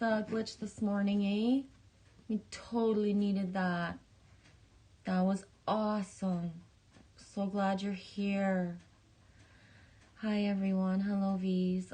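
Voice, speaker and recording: A woman's voice: medium pitch, warm tone. A woman live streamer chatting casually, laughing often as she greets viewers and pulls oracle cards.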